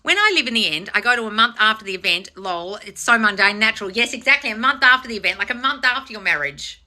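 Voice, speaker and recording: A manifestation coach with a fairly high pitch moves at a quick pace through viewer comments on her live stream. She swears freely, answers bluntly, teases her audience directly, and stays animated, regularly breaking into mocking impressions.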